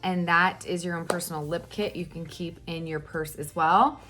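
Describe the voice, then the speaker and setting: A woman in her thirties chatting casually through a makeup tutorial at home, animated, with fillers and exclamations. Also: fairly low pitch, normal speed. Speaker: makeup vlogger.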